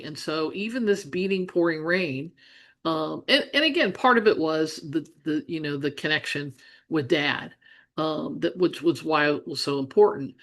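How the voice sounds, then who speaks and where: A middle-aged woman from Ohio, a business coach, telling a childhood farm story in an earnest way, with frequent restarts and asides. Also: lowish voice. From Ohio, United States. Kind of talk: storytelling monologue.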